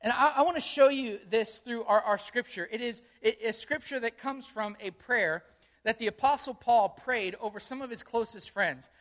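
A middle-aged man preaching a sermon as pastor, conversational and energetic, with many rhetorical questions. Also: very high voice, moderate pace.

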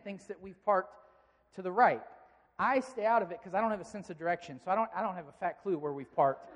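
A male pastor giving a sermon, telling a story with lively, animated delivery. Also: high voice. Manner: animated storytelling, shouting quoted outbursts. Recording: long hall reverb.

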